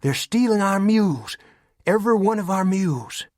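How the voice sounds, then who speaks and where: A man's voice: sits high, animated, normal speed, darkish tone, dry recording, clean studio sound, voice pushed up. A man voicing a blunt, matter-of-fact fourteen-year-old frontier girl in an audiobook.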